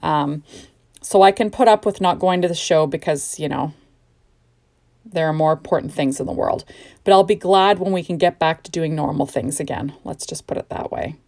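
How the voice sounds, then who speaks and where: A woman's voice: sits low, normal speed, vocal fry, darkish tone. A middle-aged woman from Canada, chatting sleepily and gushing as she narrates a home crafting tutorial. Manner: chatty and gushing, rambling asides. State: sleepy, yawning. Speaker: card-making crafter.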